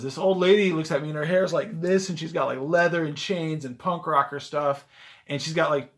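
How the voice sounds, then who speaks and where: A man vlogging as a rideshare driver, telling a story casually to a camera on a gimbal, with lots of "like" fillers. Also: fairly high pitch. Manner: chatty, animated, lots of "like" fillers. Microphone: handheld camera on a gimbal.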